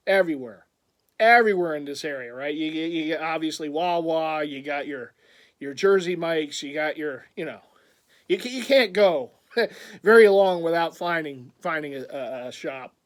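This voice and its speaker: Man, high voice, rambling, excitable, laughs a lot, casual vlog. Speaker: vlogger.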